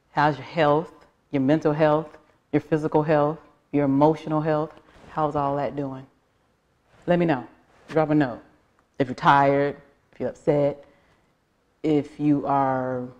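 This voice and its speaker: A woman's voice: sits low, darkish tone, dull audio. A middle-aged woman with a Southern US accent hosting a casual livestream, chatting and greeting viewers by name. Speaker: livestream host. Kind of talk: casual live-stream chat.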